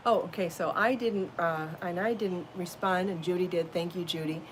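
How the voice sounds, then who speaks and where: A woman with a lowish voice and fairly even intonation talks at a normal speed, with a little hiss or hum in the audio. She's a podcast host and crochet designer running a casual live show from home and later out in her garden, chatty and bubbly and laughing often.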